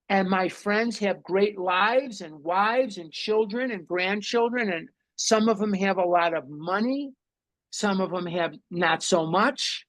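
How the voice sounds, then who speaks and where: A man's voice: high voice, fairly bright tone. An older man leading a recovery study group, talking with intense, emphatic repetition. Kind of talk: recovery meeting talk.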